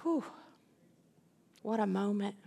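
A woman's voice: mid-range voice, animated, takes it slowly, vocal fry, dark tone. A middle-aged woman preaching a sermon, emphatic, repeating key phrases and building in intensity. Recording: long reverb of a large hall.

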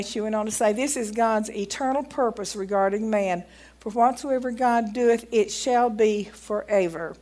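A woman giving a folksy sermon, reading aloud from a book and growing emphatic as she preaches. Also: mid-range voice. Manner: folksy, grows emphatic and loud when preaching.

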